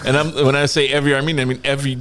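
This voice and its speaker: A man's voice: mid-range voice, level tone, very fast, a bit bright, a little hiss or hum. A man hosting a podcast, chatting casually and chiming in with brief remarks and chuckles. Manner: brief interjections, chuckling asides. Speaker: podcast host. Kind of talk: casual chat.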